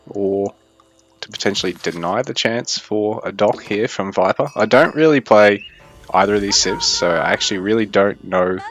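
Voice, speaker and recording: A young man casts a strategy game in a relaxed, thinking-aloud way. His voice sits a little low and stays mostly even. Faint music plays underneath. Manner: chatty, thinking aloud, fairly even delivery. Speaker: esports caster. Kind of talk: casual live game commentary.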